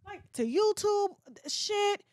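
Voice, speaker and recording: A woman's voice: very high voice, expressive, slow pace, darkish tone, dry recording, clean studio sound. A woman blogger delivering a blunt, profane rant, mockingly mimicking other people. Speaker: gossip blogger. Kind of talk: ranting monologue.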